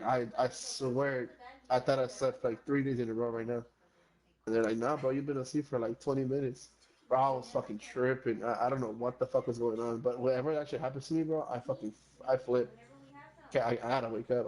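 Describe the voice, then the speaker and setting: A man in the middle of a relaxed gaming chat spins a rambling tale. He restarts sentences, curses freely and drops Spanish phrases in with his English. His voice sits at an ordinary middle pitch. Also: brisk, rough recording. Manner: rambling, swears often, slips into Spanish phrases. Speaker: gamer chatting with friends. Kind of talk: casual storytelling chat.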